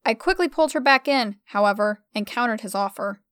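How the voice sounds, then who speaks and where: Female storyteller, fairly high, smooth voice, expressive first-person reading. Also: brisk, no echo, clean studio sound.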